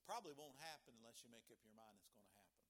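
A man's voice: medium pitch, lively intonation, very fast, fairly bright tone. A man preaching a sermon as pastor, talking in a conversational way and often restarting his sentences.

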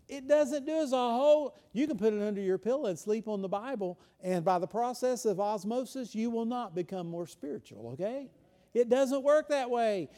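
Male preacher, high but mellow voice, chatty sermon delivery. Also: animated, normal speed. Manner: conversational, frequent rhetorical questions, swings from loud to hushed. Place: church.

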